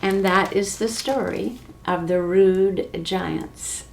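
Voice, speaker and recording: A woman telling a children's story for a library reading program, slow and expressive. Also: medium pitch, slight background noise. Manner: slow, expressive, clearly paced.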